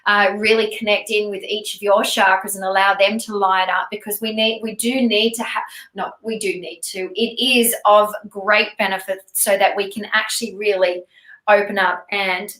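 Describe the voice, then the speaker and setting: A woman co-hosting a live stream from Dubai, reading spiritual cards in a soft, inviting way. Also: medium pitch, level tone, moderate pace, reverberant, rough recording. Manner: soft, inviting, with fillers and restarts. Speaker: co-host reading cards for viewers.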